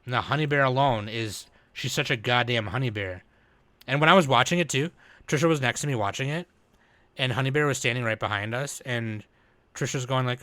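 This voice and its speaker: Bright-voiced cursing podcast guy. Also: mid-range voice, brisk, a little hiss or hum. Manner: rambling, profane, laughing. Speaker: podcast host. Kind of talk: casual chat.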